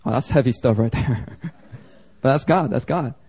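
A pastor from Philadelphia preaching a sermon to a congregation, emphatic and conversational, with slangy asides. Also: male voice, medium pitch, normal speed, dark tone, husky. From Philadelphia, United States. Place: church service before a congregation.

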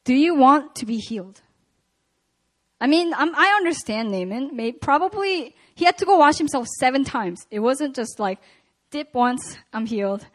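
A woman preaching at a prayer meeting, reading scripture and retelling it in a casual, animated way. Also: high-pitched, normal speed.

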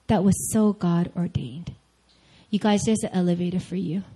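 Animated young woman telling a sermon story. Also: lowish voice, poor audio. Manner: animated storyteller, addresses listeners directly. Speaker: speaker at a church group meeting.

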